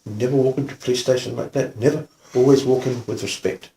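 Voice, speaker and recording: Brief: man voicing a timid, hushed young island cop, soft and gentle, with room echo. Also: mid-range voice, fairly even intonation, quick pace, far from the mic, a little hiss or hum, natural voice. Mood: quiet, timid. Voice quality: very quiet and gentle.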